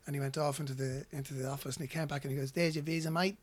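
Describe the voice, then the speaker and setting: A man's voice: medium pitch, level tone, rapid-fire, darkish tone, slightly rough. A man from Ireland with an Irish accent, a guest telling personal stories in a loose, repetitive way. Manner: rambling, repeats words when starting sentences. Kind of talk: casual storytelling.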